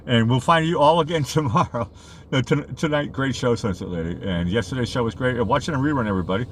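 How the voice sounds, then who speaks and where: A man's voice: medium pitch, quick pace, a little hiss or hum. A man co-hosting a casual live stream from a beach jetty, joking and giggling easily. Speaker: livestream co-host.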